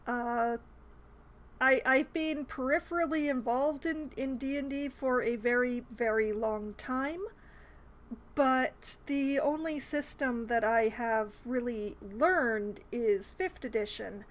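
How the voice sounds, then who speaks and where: A streamer chats casually while playing a game, her voice a little high and slow. She's talkative yet somewhat hesitant, and she pokes fun at herself.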